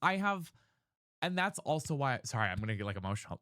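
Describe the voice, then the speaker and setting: A man livestreaming a candid casual chat, talking in an earnest, searching way with halting restarts. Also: mid-range voice, sing-song, fairly bright tone, no echo, clean studio sound.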